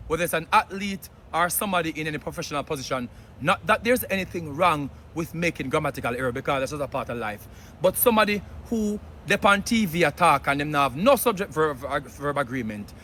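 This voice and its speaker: A Jamaican man delivers emphatic commentary, sliding between English and patois. His voice sits a bit high and comes across forceful and sharp. Faint outdoor traffic murmurs behind him. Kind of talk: opinion commentary.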